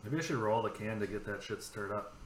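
A man's voice: lowish voice, a little fast, a loud crowd. A man from California co-hosting a podcast, telling rambling stories in casual chat, swearing freely. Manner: rambling storyteller, swears freely, acts out dialogue. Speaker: podcast co-host. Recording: echoey room with faint background noise.

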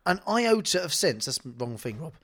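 Lively high-voiced man arguing. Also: normal speed. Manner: argumentative, nitpicking. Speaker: podcast co-host. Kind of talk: casual comedic chat.

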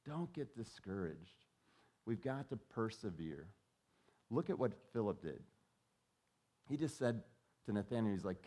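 A man's voice: on the low side, sing-song, a little slow, pauses often, mellow, breathy edge. A man preaching a sermon in a conversational way, often repeating words as he starts a thought and acting out quoted voices. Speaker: pastor.

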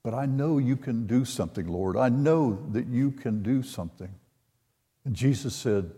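An older man preaching a sermon, retelling a scripture story in an unhurried way and voicing the quoted lines. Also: mid-range voice, warm tone. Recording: long hall reverb.

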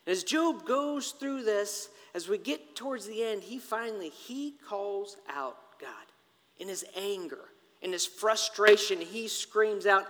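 A man preaching a sermon in an animated, conversational way, turning often to the congregation with asides. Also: sits high, measured pace, big-room sound.

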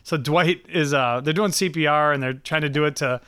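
Man, bright ringing voice, somewhat high, casual chat, animated, laughs and swears. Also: brisk, clear, resonant tone, no room sound.

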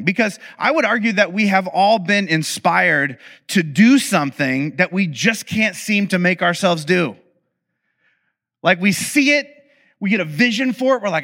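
Bright-voiced man telling a story. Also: sits high. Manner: animated, acts out quoted dialogue; humorous, confiding asides. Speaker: speaker addressing an audience. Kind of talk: conversational storytelling talk.

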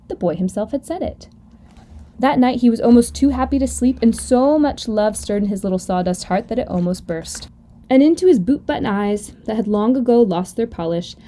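A woman host reading a children's story aloud gently and expressively. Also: a little high. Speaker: podcast host.

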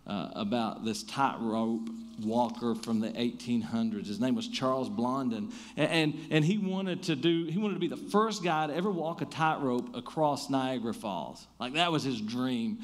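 A man pastor preaching a sermon, telling a story with lively emphasis and easing into quiet, soft prayer. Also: on the high side, normal speed, few pauses.

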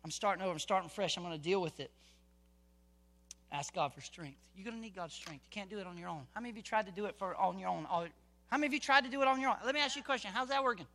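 A male pastor preaching a sermon in a conversational way, full of rhetorical questions, moving between quiet talk and loud, fervent preaching. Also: high-pitched, racing.

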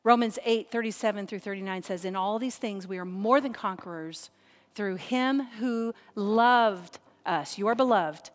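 A woman delivers a sermon from a pulpit, building emphasis through repetition and dramatic pauses. Her voice carries a long reverb tail, as if recorded in a large hall. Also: mid-range voice. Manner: emphatic preaching with repeated phrases and dramatic pauses. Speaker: pastor.

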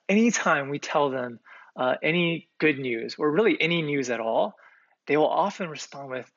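Gravelly, husky-voiced male pastor preaching. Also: on the high side, expressive, moderate pace, a bit bright, no room sound. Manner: earnest, conversational preaching with fillers. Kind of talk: sermon. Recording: slightly muffled, dry recording.

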